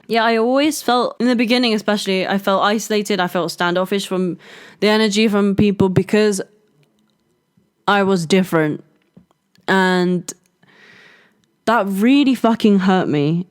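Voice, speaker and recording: Brief: young woman hosting a podcast, candid storyteller who swears freely and says "like" a lot, smooth clear voice. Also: mid-range voice, a little mellow. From London, England. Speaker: podcast host. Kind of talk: casual personal storytelling.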